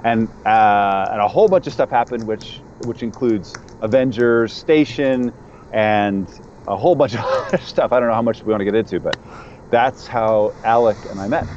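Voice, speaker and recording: A man, a guest editor and sound designer, telling a lively anecdote in a casual interview and acting out the people in it. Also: lowish voice, moderate pace, muffled recording, a little hiss or hum. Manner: animated anecdote-teller who acts out the people in his stories.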